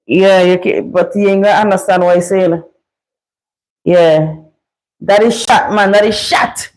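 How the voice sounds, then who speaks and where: A woman's voice: medium pitch, steady tone, unhurried, a little mellow, low-quality recording. A woman from St. Vincent with a Vincentian accent, hosting a casual livestream and chatting with callers in creole-flavored speech. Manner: chatty, dialect-heavy creole phrasing. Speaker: livestream host. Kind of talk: casual live chat with callers.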